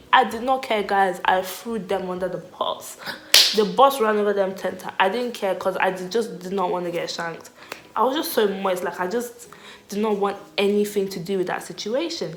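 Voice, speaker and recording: Animated young woman telling a story. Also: mid-range voice, moderate pace, echoey room, a little hiss or hum. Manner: animated, laughing, slangy storytelling. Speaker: vlogger. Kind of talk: storytime vlog.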